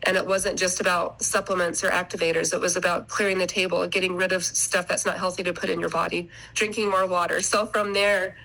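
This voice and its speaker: A woman's voice: lowish voice, flat delivery, a little fast, few pauses, pushed and bright, poor audio. A middle-aged woman guest on a podcast, telling her family story in an earnest, rambling way and often restarting her sentences. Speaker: podcast guest, mother of three. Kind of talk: casual interview storytelling.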